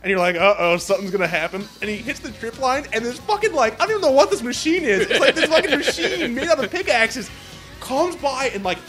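A man with a notably high voice tumbles through an excitable, profanity-laced movie rant in loose conversation. Faint music plays underneath. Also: fast talker. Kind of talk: casual chat.

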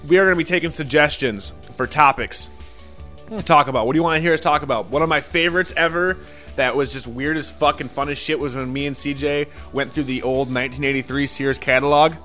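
Young dude podcasting, rambly and sweary, kinda high voice. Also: male voice, fast talker, sharp tone, faint music behind. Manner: rambling, swears a lot, many fillers. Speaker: podcast co-host. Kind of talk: casual podcast chat.

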